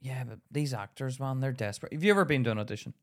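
This podcast co-host races along in a medium-pitched voice during casual storytelling chat. He's animated, laughs a lot and acts out quotes.

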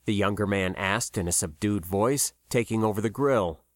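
Measured male audiobook narrator. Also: lowish voice, no room sound, clean studio sound. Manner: measured, expressive storytelling.

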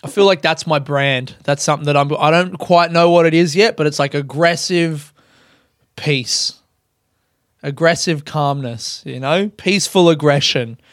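A man's voice: a little high, measured pace, no echo, clean studio sound. A young man chatting candidly on his own, swearing freely and mocking himself. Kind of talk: casual solo chat.

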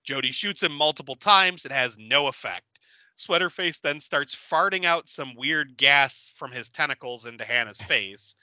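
A man's voice: mid-range voice, animated, normal speed, bright, forceful tone, no room sound. A man hosting a casual podcast, recapping a movie with profanity and acting out the characters' lines. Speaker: podcast host.

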